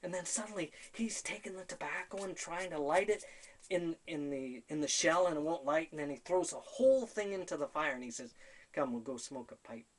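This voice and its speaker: A man's voice: on the high side, fairly quick. A man telling a personal story to camera, animatedly quoting conversations and laughing at himself. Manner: animated, quotes conversations in his own voice. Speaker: spiritual storyteller.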